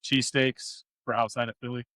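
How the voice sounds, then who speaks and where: A man's voice: mid-range voice, flat delivery, a little fast, sharp tone, no room sound. A man co-hosting a casual podcast chat, blunt and emphatic, with lots of swearing. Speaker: podcast co-host.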